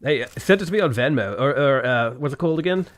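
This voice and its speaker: A man's voice: mid-range voice, lively intonation, fast, no echo, natural voice. A man voicing a smug young posh lad with a South Dublin D4 accent, laid-back and full of dude-speak.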